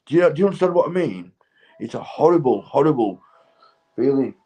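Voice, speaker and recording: A man's voice: fairly high pitch, mellow, husky, highs cut off. A man, stoned, rambling in a casual vlog monologue, swearing heavily and laughing often. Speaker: vlogger.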